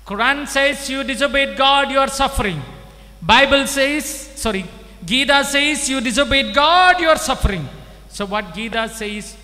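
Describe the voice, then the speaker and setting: A man preaches in a high, bright voice, slow and deliberate. He throws questions at the crowd and pushes them to answer louder. The sound echoes through a large shrine hall with faint background noise. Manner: rhetorical, pushes audience to respond. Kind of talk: lively sermon to a crowd.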